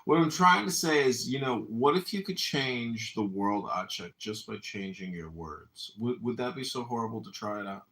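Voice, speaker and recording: Man with a bright, dry deadpan. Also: mid-range voice, normal speed, hardly any pauses, echoey room. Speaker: political candidate and stream host. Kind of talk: casual livestream banter.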